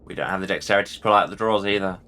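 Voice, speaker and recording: A man's voice: deep voice, racing, sharp tone. A man hosting a let's play and giving playful, jokey commentary on the game. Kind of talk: casual gameplay commentary.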